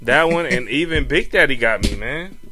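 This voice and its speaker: A man's voice: medium pitch, animated, moderate pace, crowd noise. A young man co-hosting a podcast, telling stories in a laid-back, slangy way and often saying "man" and "you know what I'm saying.". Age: young adult. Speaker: podcast co-host. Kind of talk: casual chat.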